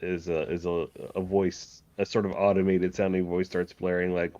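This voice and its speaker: A man's voice: low voice, level tone, moderate pace, few pauses, mellow, dry recording, lo-fi sound. A man narrating as game master of a tabletop game, rambling and correcting himself, often laughing.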